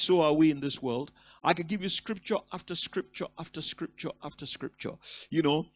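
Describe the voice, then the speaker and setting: A man preaching a sermon as pastor, emphatic, often rising into loud bursts. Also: on the high side. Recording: dull lo-fi recording.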